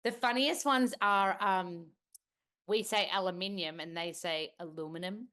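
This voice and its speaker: A woman's voice: medium pitch, lively intonation, slow pace, pushed and bright. An Australian woman chatting as a podcast guest, telling stories with playful impressions. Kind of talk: casual interview chat.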